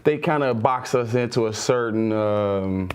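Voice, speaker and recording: A man's voice: on the low side, measured pace, slight background noise. A man from Chicago, a rapper guest on a talk show, explaining his ideas thoughtfully.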